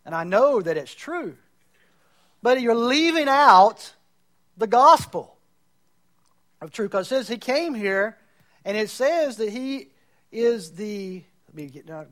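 A male pastor with a high, fairly bright voice preaches at a slow pace with lively intonation. His sermon builds point by point, and he mimics the voices of opponents to mock them.

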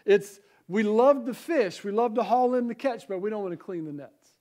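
A man with a Southern American accent delivers a Sunday morning sermon. His voice sits high for a man. He mixes scripture reading with easy asides and rhetorical questions to the congregation. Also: moderate pace, mellow. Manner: conversational preaching with rhetorical questions. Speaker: pastor.

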